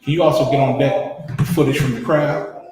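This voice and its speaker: A man's voice: mid-range voice, steady tone, normal speed, darkish tone, a little hiss or hum. A man hosting a show, giving fervent, preacher-like commentary over video footage with blunt street slang. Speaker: podcast host. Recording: very echoey room.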